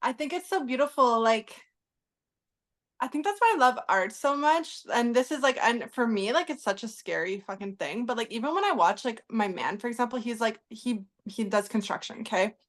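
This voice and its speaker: A woman's voice: fairly high pitch, lively intonation, moderate pace. A woman hosting a podcast interview, speaking reflectively with many filler words. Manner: reflective, heavy use of "like", warm and encouraging. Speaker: podcast host.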